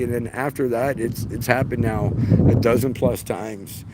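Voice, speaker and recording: A man's voice: mid-range voice, steady tone, moderate pace. A man in his forties, hosting a casual livestream outdoors beside a city street and telling rambling anecdotes. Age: 40s. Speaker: livestream host. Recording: loud street traffic noise.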